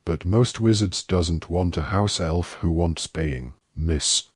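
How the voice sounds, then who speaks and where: Eager little male house elf, squeaky and servile, forever saying sir, read by a man with a deep husky voice, dry close sound. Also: slow pace, a little mellow, dry recording, full character voice. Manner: squeaky, polite, says sir constantly.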